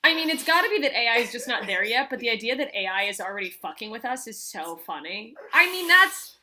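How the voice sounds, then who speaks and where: Bright-voiced woman podcast host. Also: on the high side, big pitch swings. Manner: loose, swearing, quick to joke. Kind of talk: casual chat.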